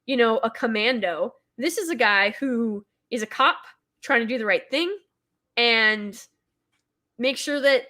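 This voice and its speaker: Casting note: woman, bright and fairly high, chatty movie-fan host with lots of fillers. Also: unhurried. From Texas. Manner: chatty, enthusiastic, many fillers and restarts. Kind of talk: casual movie commentary.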